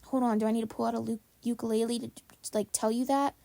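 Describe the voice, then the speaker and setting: Young woman podcaster ranting, lots of swearing, kinda high with a gravelly edge. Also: flat delivery, quick pace, mellow, no room sound. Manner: blunt, profane ranting. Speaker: podcast co-host. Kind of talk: casual chat.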